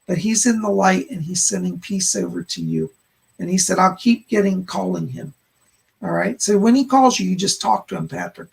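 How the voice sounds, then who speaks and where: Male psychic medium host, gravelly, husky, relays messages with constant "she said" asides. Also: high voice. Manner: relays spirit messages, frequent "he said" and "hold on". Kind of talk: live-stream psychic readings of chat questions.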